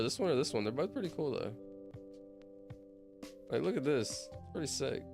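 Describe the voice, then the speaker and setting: A man's voice: mid-range voice, very animated, normal speed, vocal fry, pauses often, a little mellow, faint music behind. A man streaming while he counts aloud, chatting casually and drifting off topic as he talks to himself. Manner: rambling, easily sidetracked, talks to himself. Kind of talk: casual livestream chat.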